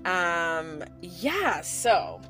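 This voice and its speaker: A woman's voice: lowish voice, big pitch swings, very slow. A woman in her thirties telling a personal story to her viewers in a chatty way, laughing often and restarting her sentences. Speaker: vlogger. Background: background music.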